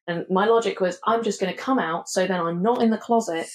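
A young woman from England, a podcast co-host, telling a story in casual chat, acting out quotes and swearing freely. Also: a little fast. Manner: animated, acts out quotes with big pitch jumps, swears freely.

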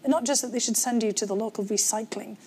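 A woman's voice: fairly high pitch, steady tone, fast talker, a little mellow, a little hiss or hum. A woman with a North East English accent, a guest in an interview, telling her story candidly with frequent fillers. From North East England. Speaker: guest, former government official. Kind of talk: conversational interview.

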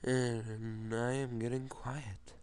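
A man's voice: mid-range voice, little pitch movement, slow, a little mellow, clean tone. Sick man mumbling through a game. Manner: mumbling to himself, goofy asides. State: sick, voice a bit off. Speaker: gamer. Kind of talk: casual gameplay commentary.

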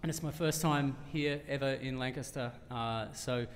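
A man's voice: mid-range voice, normal speed, noisy background. An Australian man telling a long, rambling comic story between songs at a live concert, full of fillers and restarts. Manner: rambling, self-deprecating, many fillers and restarts. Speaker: singer-songwriter telling a story on stage. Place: live music venue, in front of an audience. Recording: live concert hall with reverb.

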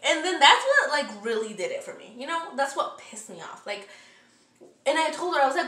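A woman with a high, bright voice rants through a storytime, swearing constantly and sounding worn out and annoyed. She is a little way off the mic in an echoey kitchen. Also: a little fast, far from the mic. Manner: heavy profanity, animated, exasperated. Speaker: vlogger. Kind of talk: casual storytime rant. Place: home kitchen, cooking.

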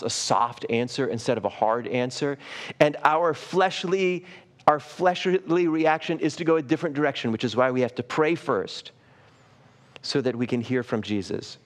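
A man preaching a sermon as pastor of a church live stream. He speaks earnestly, restarts and repeats words often, and slows down and softens on key phrases. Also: mid-range voice.

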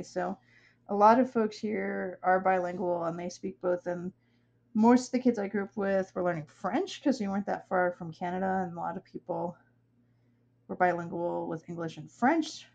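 A woman's voice: medium pitch, steady tone, normal speed, gravelly, darkish tone, highs cut off. Chatty young woman, rambling while drawing. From upstate New York, USA. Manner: rambling, chatty, laughs often. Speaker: artist streaming her work. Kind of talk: casual chat while drawing.

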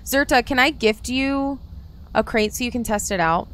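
A woman's voice: fairly high pitch, moderate pace, a bit bright, a little hiss or hum. A woman streaming a game, chatting casually and talking to her viewers by name. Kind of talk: casual live-stream chat while gaming.

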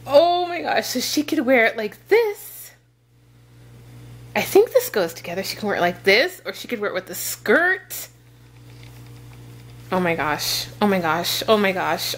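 A young woman gushing over gifts in an excited unboxing vlog, gasping and repeating exclamations of delight. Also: mid-range voice, a little slow, pauses often.

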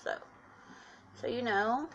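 A woman's voice: fairly high pitch, slow, gravelly, lo-fi sound, a little hiss or hum. A woman chatting through a casual makeup tutorial, talking straight to her viewers and explaining each step. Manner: chatty, instructive, addresses viewers as guys. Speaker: makeup vlogger.

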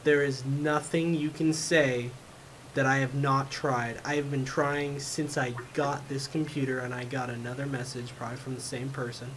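A man who says he's losing his voice rambles through a casual vlog in a room at home, his cat nearby. He sounds frustrated and leans on fillers, his medium voice flat, slightly bright, and moderately paced. Background noise runs through the recording.

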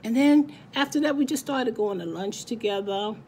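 A woman's voice: on the high side, normal speed, warm tone, slight background noise. A woman giving a heartfelt spoken birthday tribute to a friend, emotional, her voice cracking at times.

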